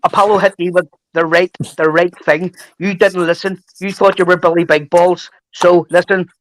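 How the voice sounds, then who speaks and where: Man in his forties, high voice, dry sound, teasing banter, repeats lines. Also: level tone, normal speed, fairly bright tone, dry recording, low-quality recording. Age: 40s. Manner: teasing, repeats himself, swears. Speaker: live chat guest. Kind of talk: rowdy casual banter.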